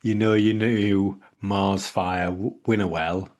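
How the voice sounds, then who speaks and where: A man's voice: low-pitched, flat delivery, slow pace, darkish tone. A man co-hosting a casual podcast, joking and teasing, with many fillers. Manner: jokey, teasing, trails off with fillers. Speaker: podcast co-host. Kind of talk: casual chat.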